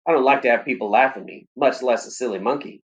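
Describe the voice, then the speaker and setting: A man reading aloud, voicing a gruff, stubborn old grandfather with a drawling manner. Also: mid-range voice, fast talker, lightly acted.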